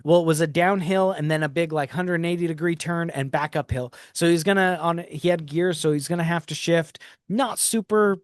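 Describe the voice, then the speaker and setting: A man's voice: on the high side, steady tone, fairly quick, hardly any pauses, no room sound, studio quality. A man hosting a podcast, telling reflective stories in a casual conversation, often restarting his sentences. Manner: reflective storytelling, frequent restarts. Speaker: podcast host.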